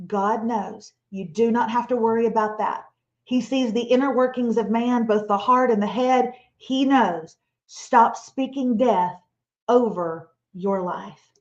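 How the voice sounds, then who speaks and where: Animated woman giving a faith talk. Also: fairly high pitch, unhurried. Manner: animated, playful, acts out imagined listeners and quotes. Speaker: webinar speaker. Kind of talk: motivational Christian talk. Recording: slightly dull, lo-fi webinar audio.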